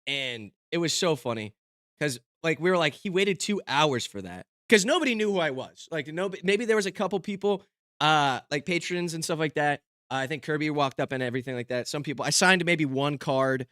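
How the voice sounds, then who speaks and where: A man's voice: on the high side, a bit bright, no room sound. Young male streamer, self-mocking rambler, close and dry sound. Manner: rambling, lots of fillers and restarts. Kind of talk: casual stream chat.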